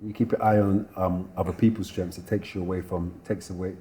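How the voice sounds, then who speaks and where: A man hosting an interview, soft-spoken and giving frequent quiet affirmations. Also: sits low, level tone, a little fast. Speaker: podcast host and psychotherapist. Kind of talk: casual interview chat.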